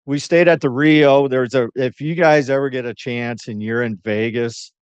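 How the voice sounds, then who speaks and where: A man's voice: medium pitch, steady tone, moderate pace, clear, resonant tone, no room sound. A man hosting a podcast, telling stories in a laid-back, teasing way. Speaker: podcast host. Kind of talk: casual chat. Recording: dull, dry lo-fi podcast audio.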